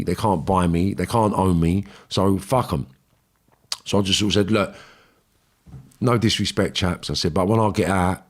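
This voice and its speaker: A man with a London accent tells a long story in a casual podcast chat. His voice sits fairly low, and he talks bluntly, swearing freely as he acts out the voices of the people in his tale. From England. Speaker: podcast guest.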